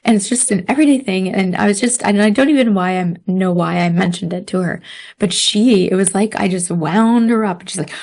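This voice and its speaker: A woman telling a story in casual podcast chat, animated, laughing often and using many fillers. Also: medium pitch, brisk. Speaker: podcast guest.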